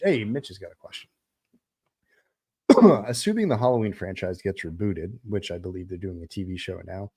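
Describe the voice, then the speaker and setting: A man's voice: fairly low pitch, dark tone. A middle-aged man, a film director, chatting casually on a livestream and answering viewer questions, rambling with lots of fillers. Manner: rambling, many fillers and restarts.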